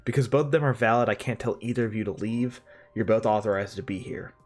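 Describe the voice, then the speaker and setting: A man voicing a calm male police officer who speaks in a plain, official, matter-of-fact way. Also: on the low side, quick pace, close to an everyday voice.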